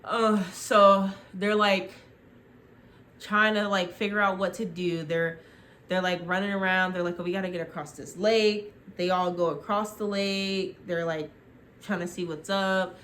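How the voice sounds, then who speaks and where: A young woman vlogger casually retelling a TV show into her phone, rambling and full of "like" as she acts out quick quotes. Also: medium pitch, flat delivery, fairly bright tone.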